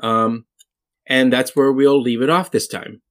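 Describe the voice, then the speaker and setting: A man narrating as game master of a tabletop game, relaxed and filled with ums. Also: medium pitch, unhurried, dry recording, studio quality.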